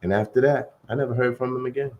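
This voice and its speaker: Man, storytelling, earnest, heartfelt, slow build, mid-pitched. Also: steady tone, highs cut off, slight background noise. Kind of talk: personal storytelling.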